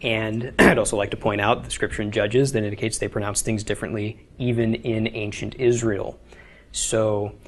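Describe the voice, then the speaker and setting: A Hebrew teacher with a lowish voice and flat delivery speaks at normal speed to his beginners' class. He explains step by step in an informal lecture style, frequently checking with "okay?".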